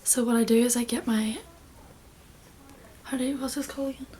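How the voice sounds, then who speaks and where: A woman's voice: fairly high pitch, fairly even intonation, a little fast, dark tone. Chatty young woman, often half-whispering. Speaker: beauty vlogger. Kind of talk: casual makeup tutorial.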